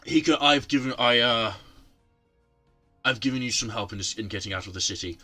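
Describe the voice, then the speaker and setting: A man's voice: mid-range voice, brisk, bright, forceful tone, soft background music, close to an everyday voice. A man voicing a secretive guild leader in a tabletop game, stumbling over his words. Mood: stern.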